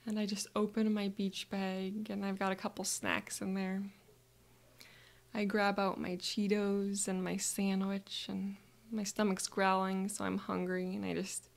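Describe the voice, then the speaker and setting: Soft-spoken woman with a gravelly, flat voice. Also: medium pitch, unhurried. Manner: soft, calm, slipping into breathy whispers. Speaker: guide. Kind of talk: guided visualization narrated in first person.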